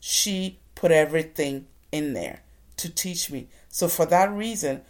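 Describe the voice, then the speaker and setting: A woman for whom English is a second language, telling her own story slowly and deliberately, pausing between phrases. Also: low-pitched. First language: not English. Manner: slow and deliberate, with pauses. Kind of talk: reflective personal storytelling.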